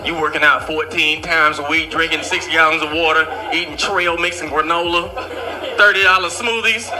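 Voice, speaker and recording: A man from the American South with a Southern accent, doing animated stand-up storytelling. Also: a little high, normal speed, a crowd in the background. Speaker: comedian. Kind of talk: stand-up comedy. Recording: loud background noise.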